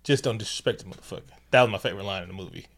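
A man co-hosting a casual movie recap, talking in animated, profane bursts and acting out lines from the film. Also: on the low side, racing. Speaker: podcast co-host.

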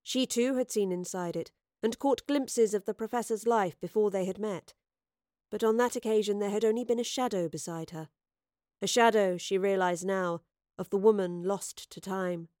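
A woman narrating an audiobook with measured, expressive storytelling. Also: medium pitch, no echo, studio quality.

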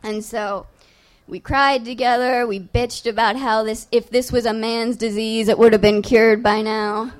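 A woman's voice: fairly high pitch, fairly even intonation, unhurried. A young adult woman telling a personal story live on stage, in a casual, profane, self-mocking way. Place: on stage before a live audience.

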